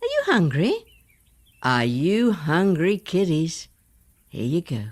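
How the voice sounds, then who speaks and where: A woman's voice: fairly low pitch, wildly swooping pitch, takes it slowly, a little hiss or hum, exaggerated voice. Woman as a doting neighbor lady. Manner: doting, sing-song. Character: kindly neighbor lady who feeds cats.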